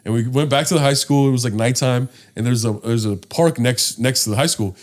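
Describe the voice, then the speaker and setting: A man's voice: mid-range voice, fairly quick. A young man, a podcast co-host, telling a casual story with lots of swearing and acted-out quotes, recorded at home. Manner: animated, swearing, acts out voices in his story.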